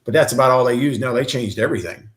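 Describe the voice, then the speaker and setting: Guy guesting on a live chat, halting, lots of uhs and restarts, echoey room. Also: mid-range voice. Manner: hesitant, restarts often, agreeable. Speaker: guest, co-worker of the host. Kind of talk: casual live-stream chat. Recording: roomy echo.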